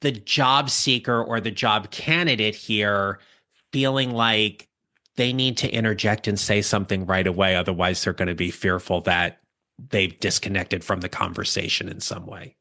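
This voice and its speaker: A man hosting a career podcast, asking long, measured questions in a deliberate way. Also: on the low side, fairly even intonation, pushed and bright. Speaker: podcast host and career coach.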